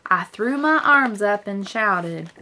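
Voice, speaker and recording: A woman's voice: mid-range voice, expressive, slow pace, bright, forceful tone, slight background noise. A woman voicing a horse-mad little cowgirl in a put-on Western twang, reading a picture book aloud. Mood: eager. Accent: put-on American Western twang. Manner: drawling, folksy storybook read-aloud.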